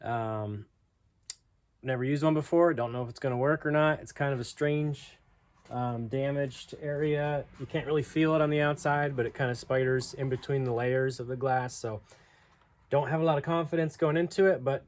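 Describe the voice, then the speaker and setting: A man casually talking through a do-it-yourself car repair, relaxed and self-deprecating, with plenty of fillers. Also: mid-range voice, moderate pace. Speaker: DIY vlogger. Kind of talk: casual how-to narration.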